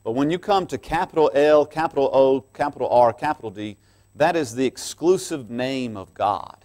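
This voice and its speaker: Middle-aged male pastor, mid-range voice, chatty folksy preaching that swells to loud emphasis. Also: mid-range voice, lively intonation, moderate pace. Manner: folksy, conversational preaching with asides to the congregation; swings from quiet asides to loud emphatic stresses. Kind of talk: midweek sermon.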